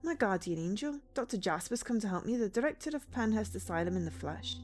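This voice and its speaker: A woman's voice: mid-range voice, lively intonation, fast talker, a little mellow, faint music behind, natural voice. Woman playing a jittery ex-clown man, earnest, grateful, game character. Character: nervous former clown man, grateful patient.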